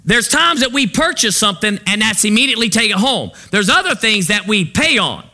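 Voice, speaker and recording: A man, a pastor, preaching a sermon and pausing to ask the congregation to fill in the missing word. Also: high voice, sing-song, sharp tone.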